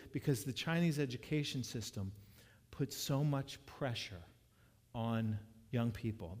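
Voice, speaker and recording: A man's voice: medium pitch, darkish tone, in a large hall. A man preaching a sermon, telling a story in a conversational way with frequent restarts. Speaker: pastor.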